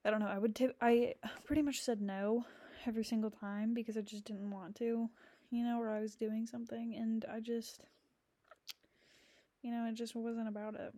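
A young adult woman hosts a podcast, rambling candidly about friendships with plenty of filler words and blunt swearing. Her voice is on the high side and mellow, with a flat delivery at a normal pace, and there's no room sound.

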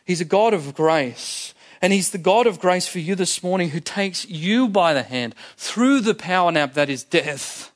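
Emphatic higher-voiced male preacher. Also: expressive, unhurried, hardly any pauses. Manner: emphatic, repeats key phrases for effect; conversational, explains scripture plainly. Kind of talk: sermon.

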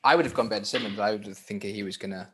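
A man's voice: lowish voice, very fast, noisy background. A man co-hosting a casual sports podcast, teasing his co-hosts and prompting them with questions. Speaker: podcast co-host.

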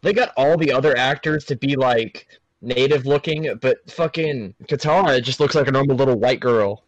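A man's voice: medium pitch, normal speed, no room sound, dull audio. A young man in casual, profane chat, reacting to a movie with mocking disbelief. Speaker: friend watching a movie, fan of the show.

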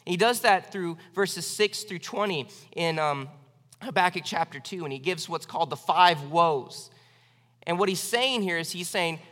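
A pastor preaches a sermon in an earnest, conversational style, frequently restarting his phrases. His voice is on the high side and fairly bright, delivered at a moderate pace with a big-room sound.

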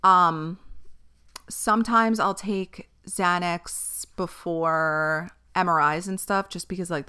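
A woman's voice: fairly low pitch, pushed and bright, clean tone. A woman hosting a podcast, talking candidly and emphatically in casual chat, with frequent swearing and fillers. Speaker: podcast host.

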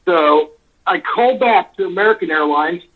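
A high-pitched male caller talks at a moderate pace over a tinny phone line. Fed up, he swears freely as he rambles through a long complaint story.

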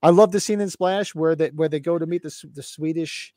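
A middle-aged man hosts a casual podcast chat, his voice sitting a bit higher than most men's and recorded close and dry with no room sound. He rambles with enthusiasm and swears freely as he talks. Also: fairly quick, dark tone, no echo. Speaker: podcast host.

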